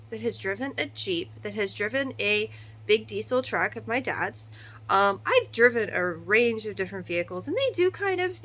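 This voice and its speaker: In poor audio, a slightly high-voiced woman in her thirties who has three kids rants casually to the camera. Her monologue is animated, full of quick asides and rhetorical questions.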